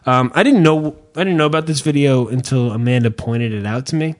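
A man's voice: mid-range voice, fairly quick. Profane rambling man telling a story. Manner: hesitant, repeats himself. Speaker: podcast host. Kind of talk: casual chat.

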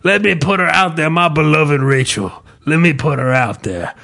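Brief: mock-grieving widower president, drawn-out and theatrical, as a man puts him on. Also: fairly high pitch, gravelly, pushed and bright. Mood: mock grief. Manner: slow, exaggerated lament.

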